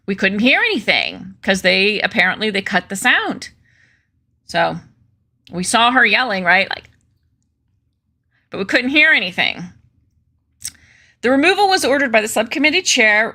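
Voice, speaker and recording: A woman's voice: medium pitch, sharp tone. A woman hosting a casual political commentary stream, reading news aloud with sarcastic, chatty asides to her viewers.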